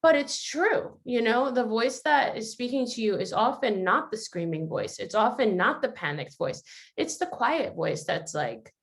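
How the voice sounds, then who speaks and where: A woman's voice: a little high, animated, normal speed, creaky. A woman hosting a family video call, talking earnestly and reflectively, and sometimes acting out quotes. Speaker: host. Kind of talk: casual reflective talk.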